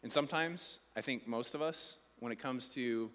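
A man's voice: mid-range voice, normal speed, fairly bright tone, in a large hall. A man preaching a sermon in a conversational, playful way, asking the congregation questions. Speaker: pastor.

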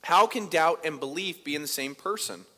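A man preaching a sermon as pastor, conversational, moving between loud emphasis and quiet asides. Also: a little high, normal speed. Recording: long reverb of a large hall.

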